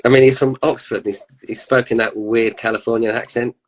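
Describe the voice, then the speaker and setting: A husky man talks at a mid pitch as a guest on a casual chat show. He teases wryly and drops into quick comic voices. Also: fairly even intonation, poor audio. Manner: wry, teasing, does funny voices in asides. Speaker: musician guest.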